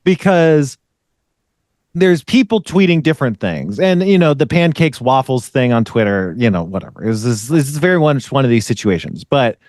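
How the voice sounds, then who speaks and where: A man's voice: medium pitch, very animated, normal speed, darkish tone, dry recording, clean studio sound. A man hosting a podcast in casual chat, rambling and swearing as he rants. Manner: rambling, profane, ranting. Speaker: podcast host.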